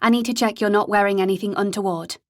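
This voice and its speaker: A woman voicing a brisk, stern female police officer giving curt orders. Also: mid-range voice, steady tone, no echo, studio quality, natural voice. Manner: curt, commanding.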